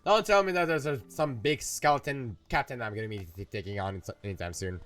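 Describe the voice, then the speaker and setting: Talking a little fast, this young man narrates a video game for his YouTube channel, his voice medium in pitch and fairly bright. The let's play commentary is rambling and playful, with plenty of self-corrections.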